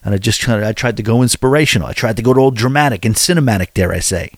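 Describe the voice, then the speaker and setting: Speaking at a racing clip in a fairly low pitch, a man in his forties chats casually. The recording is dry with clean studio sound, and his self-deprecating stories ramble along with many restarts.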